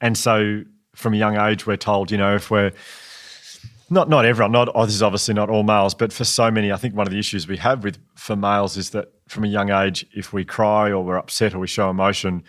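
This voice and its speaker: A man's voice: lowish voice, flat delivery, fairly quick, fairly bright tone. A man, co-hosting a podcast in an earnest, reflective way. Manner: earnest, reflective, laughs often. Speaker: podcast co-host. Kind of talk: casual conversational podcast.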